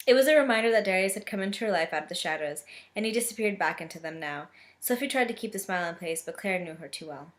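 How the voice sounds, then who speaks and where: A woman's voice: on the low side, quick pace. Sarcastic woman reading a book aloud. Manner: sarcastic asides, expressive reading. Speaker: book reader and reviewer. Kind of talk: casual book reading with commentary.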